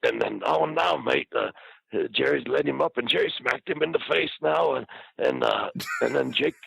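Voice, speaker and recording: Man putting on hyped wrestler doing slow play by play, higher voice. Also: gravelly, a bit bright, slightly rough, no room sound, heavily acted, low-quality recording. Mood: excited. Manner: breathless running commentary. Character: excited male wrestler giving ringside play-by-play.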